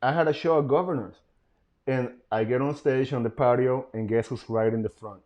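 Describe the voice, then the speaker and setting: A man, a comedian guest, telling a story in casual chat, animated and profane, acting out quoted lines. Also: medium pitch, a little fast, highs cut off.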